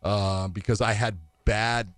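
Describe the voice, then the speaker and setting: In slow, level tones, a fight referee spins long anecdotes as an interview guest, wandering off track, laughing a lot, and performing others' lines. His voice sits lowish and fairly bright, with no room sound.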